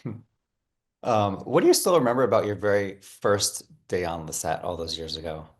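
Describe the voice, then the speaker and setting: Guy asking interview questions, kinda low voice, calm and friendly. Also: moderate pace.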